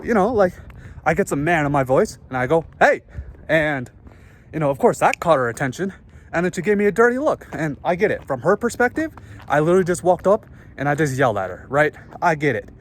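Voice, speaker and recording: A man ranting casually to camera, out of breath after a workout, rambling and swearing, recorded through earbuds. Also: fairly high pitch. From northern United States. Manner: rambling, profane, self-interrupting. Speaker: vlogger. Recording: voice picked up through earbud mic.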